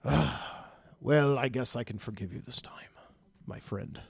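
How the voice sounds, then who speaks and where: A man putting on a hulking, menacing bike owner, breathy low voice, broken English, dry sound. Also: unhurried, no room sound, heavily acted. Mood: grudging. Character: huge imposing male bike owner, menacing then jovial.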